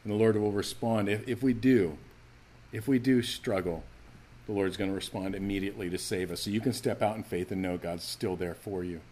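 A man preaching a sermon to his church, animated and emphatic, acting out the scripture's voices as he teaches. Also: on the low side, a little fast. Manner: animated, acts out quoted lines, rising to emphatic calls. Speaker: pastor.

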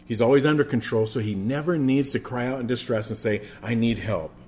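A man preaching a sermon as pastor, moving between a projected voice and quiet, near-whispered passages. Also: mid-range voice, fairly quick.

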